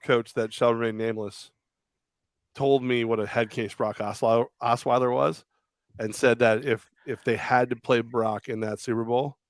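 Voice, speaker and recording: A man's voice: mid-range voice, normal speed, dry recording. A man co-hosting a casual sports talk show, telling stories with acted-out quotes. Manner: animated storyteller, acts out quotes. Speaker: podcast co-host.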